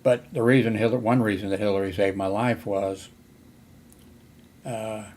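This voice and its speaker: Older man, hard of hearing, low even voice, meandering storyteller, faint background hiss. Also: normal speed. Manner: meandering, many fillers and restarts. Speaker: vlogger. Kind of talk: rambling personal story.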